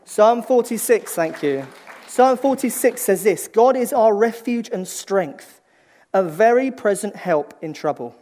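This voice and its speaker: A man preaching a conversational sermon, dropping from lively emphasis to hushed, slow lines and often restarting phrases as he thinks aloud. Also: high voice.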